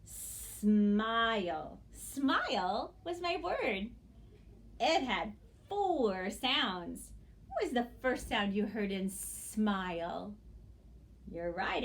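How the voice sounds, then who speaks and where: A woman teaching young children phonics speaks slowly, drawing each word out sound by sound. Her pitch swings widely in a sing-song teacher voice. She pauses often to check the children are following. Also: a bit bright.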